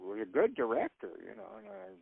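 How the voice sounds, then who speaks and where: An older man with a gravelly voice tells rambling stories, laughing often. He is heard over a thin, tinny phone line. The sound is dry, with no room around it. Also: high voice, big pitch swings, fairly quick, no echo. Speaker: actor guest. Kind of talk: casual anecdotes.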